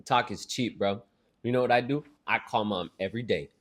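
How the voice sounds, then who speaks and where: A man's voice: lowish voice, a little fast, a bit bright. A young man co-hosting a podcast, telling a rambling, profane family story in casual banter with his sister. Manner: profane, rambling storyteller who acts out quotes. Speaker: podcast co-host.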